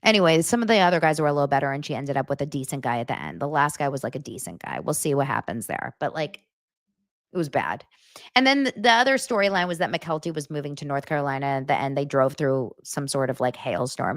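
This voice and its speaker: Woman host, sarcastic pop culture recap, very lively pitch, loud jabs and muttered asides. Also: fairly quick. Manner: sarcastic, animated, swinging between loud bursts and muttered asides. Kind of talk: casual commentary recap.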